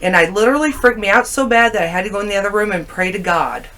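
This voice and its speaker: Speaking fast in a mid-range voice, this female guest animatedly recounts stories in casual conversation, performing the quoted lines herself.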